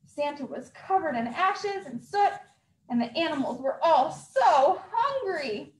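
Expressive high-voiced woman reading aloud to children. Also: unhurried. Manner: highly expressive, acting out sound effects. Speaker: youth services librarian. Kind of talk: children's story time read-aloud. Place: library. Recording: echoey room.

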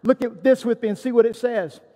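Guy preaching hard, high pitched, big church echo. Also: steady tone, a little fast, dark tone. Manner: emphatic preaching with scripture quotes. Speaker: pastor. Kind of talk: sermon.

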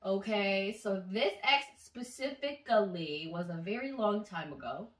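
A woman vlogger telling a story to her viewers in a chatty, animated way, swearing freely. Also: mid-range voice, a little slow, distant mic. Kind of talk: casual storytelling to camera. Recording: echoey room, voice slightly off-mic.

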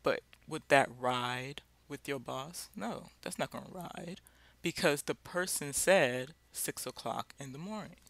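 A man leading a casual Bible study talk, speaking haltingly with many fillers and restarts. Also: on the high side, gravelly, a bit bright, no echo.

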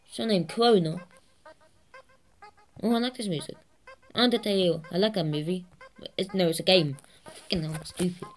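This gaming channel host has a voice on the low side and a moderate pace broken by long pauses. Her let's-play commentary is excitable, full of swearing, and punctuated by laughing at herself.

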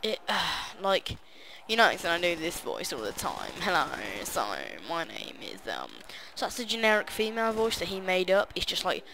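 A young man rambles through casual gaming commentary, with plenty of ums and side remarks. His voice sits at a middle pitch with a bright, hard edge. A faint hiss from a home mic runs under it. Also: lively intonation, a little fast, hardly any pauses. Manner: rambling, casual, many fillers and asides. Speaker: gaming YouTuber.

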